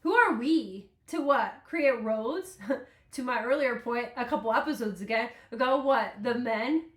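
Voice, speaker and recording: High-voiced emotional woman podcaster. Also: expressive, a little slow, echoey room. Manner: emotional, rambling, laughing often. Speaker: podcast host. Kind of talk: casual solo podcast chat.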